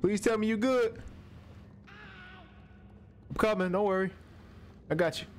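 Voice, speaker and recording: Slightly slow and pitched high, a young male streamer chatters at the character in the horror game he's playing. He's jumpy, animated and full of slang, with slight background noise in the recording.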